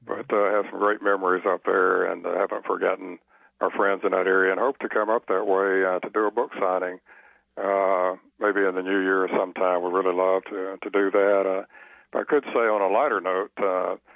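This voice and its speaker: A man's voice: low voice, flat delivery, fairly quick, gravelly, no room sound. An older man with a Southern US accent, a guest author telling stories in a folksy, hesitant way. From Southern United States. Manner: folksy, hesitant with many uhs. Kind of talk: casual interview chat. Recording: tinny phone line.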